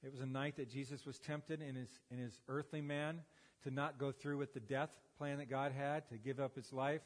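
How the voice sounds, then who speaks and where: Folksy tinged pastor in a reverberant church. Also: male voice, medium pitch, fairly even intonation, normal speed. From United States. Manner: folksy storytelling with self-deprecating humor. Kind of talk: sermon. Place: church sanctuary. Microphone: handheld or headset microphone.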